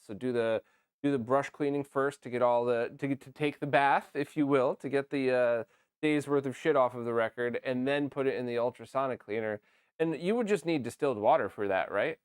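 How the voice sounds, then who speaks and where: A man's voice: medium pitch, smooth, no room sound, studio quality. A man hosting a casual chat, easygoing and teasing his guest. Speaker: host.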